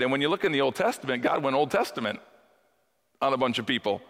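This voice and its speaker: A man's voice: mid-range voice, very animated, fast, a bit bright. A man preaching a sermon to his congregation in a church hall, talking conversationally with humor and rhetorical questions. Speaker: pastor. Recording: echoey hall.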